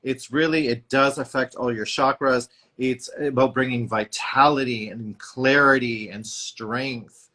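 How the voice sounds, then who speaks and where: A man hosting a spiritual tarot chat, talking enthusiastically but haltingly as he starts sentences over. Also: mid-range voice, steady tone, sharp tone. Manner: enthusiastic, halting with fillers and restarts. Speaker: tarot reader and host.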